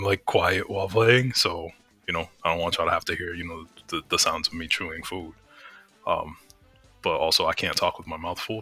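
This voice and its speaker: A man's voice: low voice, pushed and bright, breathy edge. A young man casually rambling and swearing as he streams a game from home on a desk mic. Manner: chatty, profane, full of fillers and restarts. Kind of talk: casual rambling commentary over gameplay.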